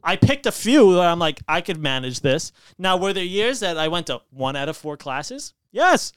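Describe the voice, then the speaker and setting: A loud, rambling man in his twenties talks in casual chat and swears freely. His voice sits a little high and sounds very clear. The recording is close and dry. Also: sing-song, normal speed, no room sound. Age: 20s. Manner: loud, rambling and profane, with sudden jumps in pitch.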